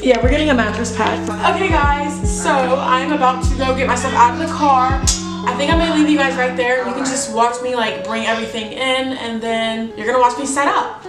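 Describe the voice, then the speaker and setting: A bubbly young woman with a high, bright voice chatters to her camera in a casual vlog. She gushes excitedly and leans on "like" between thoughts. Music plays underneath. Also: fairly quick. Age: young adult. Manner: excitable and gushing, full of "like". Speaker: college student vlogger.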